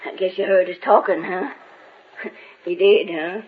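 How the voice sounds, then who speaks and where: A woman's voice: on the low side, steady tone, unhurried, breathy edge. A woman playing a bossy, scolding frontier ranch woman in a folksy drawl, in a 1940s radio drama. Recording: tinny old radio recording, faint hiss.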